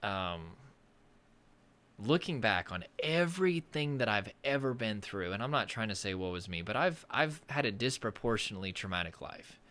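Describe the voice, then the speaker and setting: A man from the American South talks straight to camera in a loose, rambling way. His pitch swings widely and his tone is bright and forward. He gropes for words and breaks the tension with jokes at his own expense. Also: lively intonation, moderate pace. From Southern United States. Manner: rambling, searches for words, self-deprecating humor. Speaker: nervous system coach. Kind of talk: casual monologue to camera.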